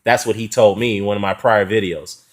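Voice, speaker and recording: A boxing commentary vlogger delivers a casual, heated, mocking rant in a response video, full of fillers and short laughs. His voice is fairly low and steady in tone, and he talks a little fast.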